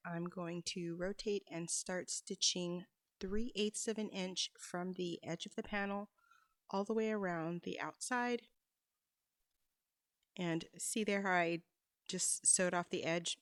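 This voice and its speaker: A woman's voice: lowish voice, no echo, low-quality recording. A woman giving a patient, step-by-step sewing tutorial as a voice-over, with small asides as she works. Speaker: quilting instructor.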